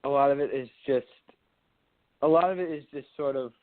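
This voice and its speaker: A man's voice: medium pitch, fairly quick. Rambling young man from Dallas, tinny. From Dallas, Texas. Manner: rambling, restarts mid-thought. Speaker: radio show co-host. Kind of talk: casual sports and politics talk. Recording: phone-line quality audio.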